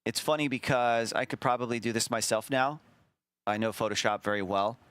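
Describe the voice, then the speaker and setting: A man's voice: mid-range voice, fairly even intonation, fairly quick, fairly bright tone, clear, resonant tone, dry recording. A man hosting a stream in casual chat, rambling and self-deprecating as he looks back. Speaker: streamer host.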